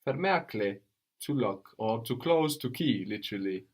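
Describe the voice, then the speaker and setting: A man teaching a language lesson, patient and probing, often checking with a quick "no?". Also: medium pitch, animated, husky. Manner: patient, prompts with questions, tag "no?".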